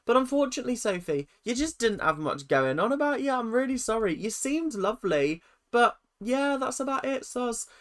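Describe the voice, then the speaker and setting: A YouTube commentator ranking reality-show contestants in a ranting, sarcastic, animated way, with pitch that jumps up and down. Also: moderate pace, few pauses.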